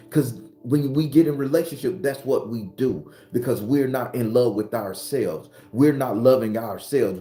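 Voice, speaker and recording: This spiritual teacher speaks with a Southern accent and a dark-toned, medium-pitched voice that echoes in a reverberant space. He gives his followers an earthy, emphatic sermon-like talk, circling back to the same points again and again.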